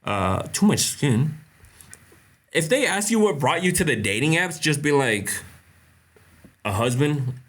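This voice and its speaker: A man's voice: fairly high pitch, big pitch swings, a little slow, fairly bright tone. A young man hosting a casual live question-and-answer stream, blunt and joking, laughing often. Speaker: host.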